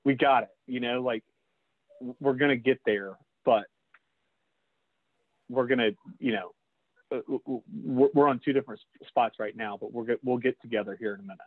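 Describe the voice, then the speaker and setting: A man's voice: medium pitch, moderate pace, pauses often, no room sound. Man on a tinny, dry line. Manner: talks straight to the group, calls them guys. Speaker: lacrosse official leading a training session. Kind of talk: casual instructional talk.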